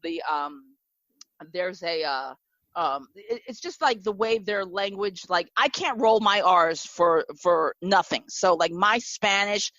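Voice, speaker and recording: A woman with a Midwestern American accent hosting a casual chat, telling stories in an animated way with many fillers. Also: fairly low pitch, takes it slowly, no room sound, muffled recording. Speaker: podcast host.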